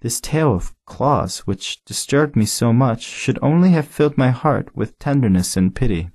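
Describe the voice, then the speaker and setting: A man voicing a gentle, earnest young boy prince in an audiobook, speaking in a sincere, rueful way. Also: medium pitch, expressive, normal speed. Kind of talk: audiobook character voice.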